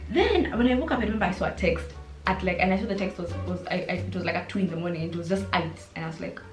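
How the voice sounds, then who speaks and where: Kenyan woman, twenties, storytime vlogger, expressive and chatty, mid voice, roomy echo. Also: mid-range voice, fast, soft background music. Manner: animated, mixes in Swahili and slang, acts out quotes. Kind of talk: storytime vlog, casual chat.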